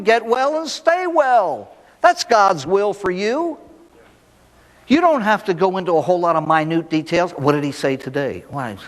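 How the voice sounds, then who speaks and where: A man giving a recovery talk with a folksy storyteller's touch, his slightly high voice rising and falling a great deal. He swings from loud emphasis down to near-whispered asides and keeps asking the listeners questions. The sound carries a long hall reverb.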